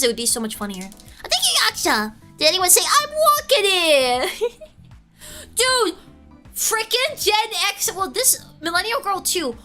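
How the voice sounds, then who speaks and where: A woman's voice: high voice, bright, forceful tone. A young adult woman streamer telling a gossipy story in casual chat, laughing often and answering her chat.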